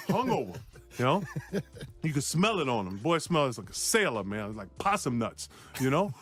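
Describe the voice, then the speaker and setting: Guy telling a wild story, laughs a lot, does voices, cusses, very animated. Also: mid-range voice, moderate pace. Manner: laughing, acts out voices, swears casually. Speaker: former player telling a story. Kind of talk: animated anecdote in an interview.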